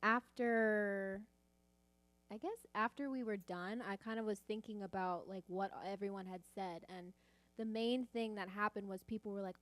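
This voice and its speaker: Young woman, mid-pitched voice, hesitant reflective testimony, dry close sound. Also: steady tone, moderate pace, no echo. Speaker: college student sharing testimony. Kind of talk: church testimony.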